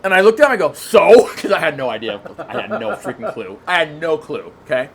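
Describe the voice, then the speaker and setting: A man who is a guest on a podcast, telling a long story in casual chat, excitable and rambling, with lots of restarts. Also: a little high, fast, vocal fry, husky.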